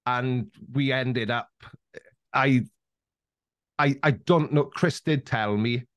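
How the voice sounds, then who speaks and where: A man with a Welsh accent spins animated anecdotes as a podcast guest, often restarting his sentences mid-thought. His voice sits at an ordinary middle pitch for a man. The recording is close and dry, with no room echo. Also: slow. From Wales. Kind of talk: casual interview chat.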